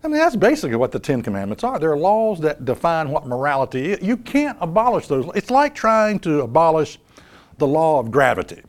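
Male preacher, sermon, emphatic, rhetorical questions, animated pitch. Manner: emphatic, rhetorical questions, repeats key phrases.

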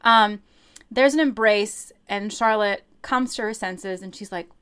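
A woman's voice: fairly high pitch, moderate pace, smooth. A woman casually retelling an opera plot on a podcast, acting out the characters' lines with playful, swearing humor. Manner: lively storytelling with playful quoted voices and swearing. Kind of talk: casual chat.

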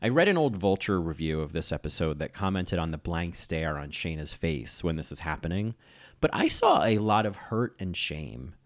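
Low, lively-voiced man, TV critic reading a scripted essay, analytical. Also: moderate pace. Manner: analytical, admiring. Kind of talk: scripted video-essay narration.

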